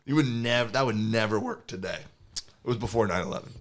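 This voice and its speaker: A man's voice: fairly low pitch, quick pace. Male comedian telling rambling stories. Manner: rambling, animated anecdotes. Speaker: podcast co-host, comedian. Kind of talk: casual storytelling.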